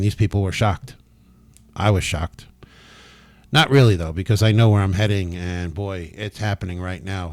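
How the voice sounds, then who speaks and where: A man talking as a spiritual healer in a casual, emphatic monologue, excited and emotional enough to be near tears. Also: low voice. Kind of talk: casual testimonial monologue to camera.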